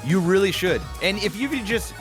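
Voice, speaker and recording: A man's voice: high voice, lively intonation, brisk, music in the background. A man co-hosting a podcast, talking animatedly in casual, swear-filled chat with many restarts. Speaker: podcast co-host.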